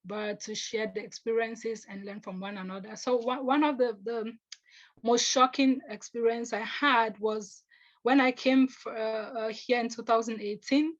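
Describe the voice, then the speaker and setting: A young woman from Africa telling personal stories as a panelist, earnest and halting, often restarting her sentences and acting out what others said. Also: fairly high pitch, steady tone, muffled recording. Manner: earnest, halting, with restarts, acts out quoted speech.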